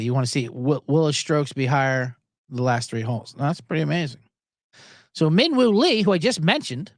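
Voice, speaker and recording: Animated, rambling male betting show host. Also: fairly high pitch, no room sound, clean studio sound. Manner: animated, rambling and profane, with many restarts. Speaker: sports betting podcast host. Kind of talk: casual chat.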